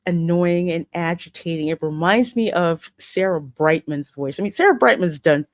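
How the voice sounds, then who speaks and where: A woman co-hosting a casual film review chat. She talks in an animated, hurried way, with many restarts. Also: fairly low pitch, no room sound.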